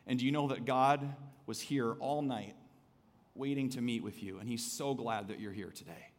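A man preaching a sermon as pastor, conversational and swinging between soft asides and emphatic calls to the congregation. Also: medium pitch, normal speed, long reverb tail. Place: church sanctuary.

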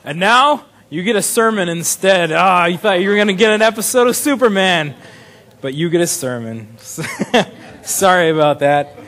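Man, pastor, casual sermon, chuckling, hesitant restarts, high pitch. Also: animated, moderate pace, a bit bright.

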